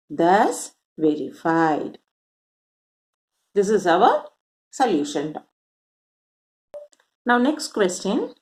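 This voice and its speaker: In a maths lesson, a woman with a mid-range, darkish voice explains the material one step at a time. She counts out loud and asks rhetorical questions along the way.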